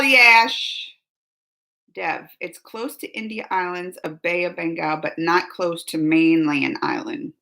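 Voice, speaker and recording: A woman with a mid-range voice that sounds pushed and bright runs a casual reaction livestream. She reads viewers' comments out loud, rambles chattily and laughs often, all over poor audio.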